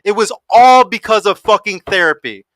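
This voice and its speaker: An American man hosting a dating podcast, arguing forcefully, swearing often and talking over his guests. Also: high voice, lively intonation, normal speed, no echo. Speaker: host. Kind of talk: heated panel debate.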